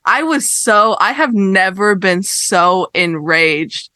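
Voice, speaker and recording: A young woman co-hosting a podcast, telling a story in casual chat, animated and exasperated, swearing as she rants. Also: medium pitch, takes it slowly, no room sound. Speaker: podcast co-host.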